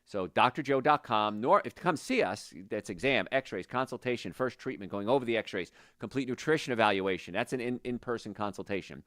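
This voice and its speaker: A middle-aged man hosting a casual health talk, folksy and rambling, going off on tangents and pitching his services. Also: lively intonation, a little fast, hardly any pauses, a bit bright, no room sound, clean studio sound. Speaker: health practitioner and show host.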